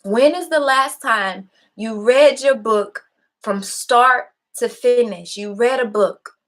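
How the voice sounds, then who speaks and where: A young woman with a fairly high voice talks straight to her audience as host. She sounds impassioned and preachy, and she swears freely as she drives her point home. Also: takes it slowly, fairly bright tone. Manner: impassioned, preachy, blunt and profane. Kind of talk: casual motivational talk to a live audience.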